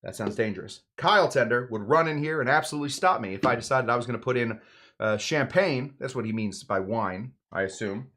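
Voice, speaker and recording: A home bartender hosts a live cocktail show, his mid-range voice moving fairly quickly as he walks through a recipe. He's playful and rambling, cracking jokes and swinging between loud emphasis and mumbled asides.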